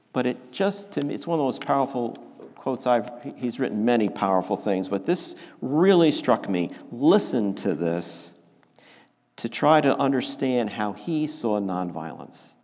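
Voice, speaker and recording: A man preaching a sermon, slow and emphatic, often restarting his phrases. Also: mid-range voice, darkish tone. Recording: long reverb of a large hall.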